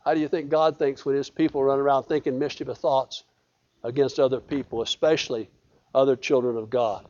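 A man's voice: medium pitch, steady tone, a little fast, a little mellow, highs cut off. A man preaching a sermon in a folksy, emphatic way, often repeating his phrases. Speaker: pastor.

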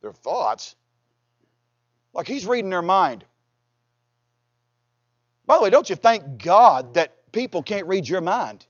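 A man's voice: high voice, sing-song, slow pace, pauses often, dry recording, highs cut off. A man preaching a sermon in a folksy, conversational way, with humorous asides, who reads scripture aloud in old-fashioned wording. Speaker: pastor.

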